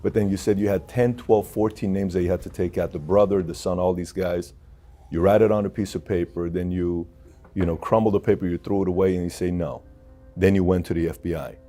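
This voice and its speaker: A man's voice: low voice, fairly even intonation, fairly quick, warm tone, faint music behind. A man hosting an interview, asking long, probing questions.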